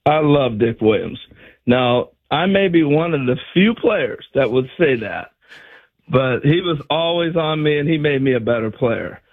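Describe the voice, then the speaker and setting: A former ball player, an older man, tells animated stories on a talk show and acts out other people's lines with laughs. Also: medium pitch, measured pace. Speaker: former baseball player, guest. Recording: dull lo-fi sound.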